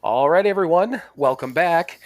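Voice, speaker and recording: Podcast host, middle-aged man, slightly high and animated, loose and swearing. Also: normal speed, no room sound, faint music behind. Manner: rambling, swears, laughs a lot. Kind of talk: casual chat.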